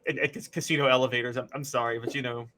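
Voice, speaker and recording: A man from Memphis co-hosting a casual sports talk show, joking and animated with rambling asides. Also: medium pitch, racing, crowd noise. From Memphis, USA.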